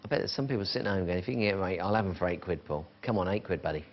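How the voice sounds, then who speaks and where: A man's voice: sits low, animated, fast talker, a little hiss or hum. A man presenting a live shopping channel, chatting and counting down prices. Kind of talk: live TV sales pitch. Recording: dull lo-fi broadcast sound with music behind.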